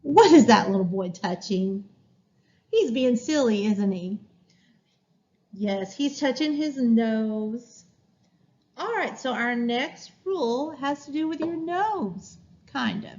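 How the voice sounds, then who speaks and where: Brief: woman as a kindergarten-style teacher, slightly high, patient sing-song delivery, dull lo-fi recording. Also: expressive, takes it slowly, darkish tone. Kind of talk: classroom rules lesson to young children.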